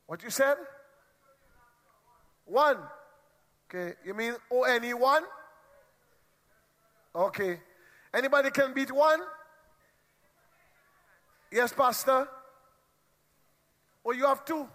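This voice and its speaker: A man's voice: very high-pitched, takes it slowly, long pauses, a bit bright. A man leading a church meeting, playfully teasing and bantering with the congregation. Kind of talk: lively crowd interaction from the pulpit. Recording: long hall reverb.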